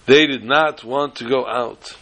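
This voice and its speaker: A man teaching an informal Torah class, telling jokes and stories with lively jumps in pitch for emphasis. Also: measured pace. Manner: animated storyteller who jumps to high pitch for emphasis.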